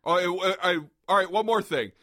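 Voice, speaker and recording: High, bright-voiced ranting man. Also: normal speed. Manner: profane, ranting, laughs often. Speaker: podcast host. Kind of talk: casual podcast banter.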